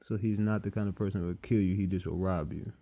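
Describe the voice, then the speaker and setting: A man's voice: deep voice, steady tone, fast talker, warm tone. A man interviewing a guest, asking blunt, probing questions in a casual way.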